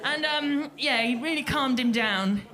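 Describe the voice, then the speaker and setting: A woman telling a lively anecdote on stage, acting out the quotes as she goes. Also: a little high, normal speed. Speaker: festival crew member telling a story.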